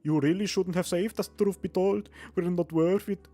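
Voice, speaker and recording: A man's voice: high voice, fairly even intonation, moderate pace, dark tone, faint music behind, voice pushed up. A man voicing a weary, guilt-ridden rural villager in a put-on Irish accent while reading a game story aloud. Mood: resigned.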